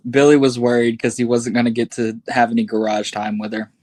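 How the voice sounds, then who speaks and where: Deadpan man making blunt cracks. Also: mid-range voice, fairly quick, no room sound. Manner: blunt crude interjections, deadpan. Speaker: podcast co-host. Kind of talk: casual banter.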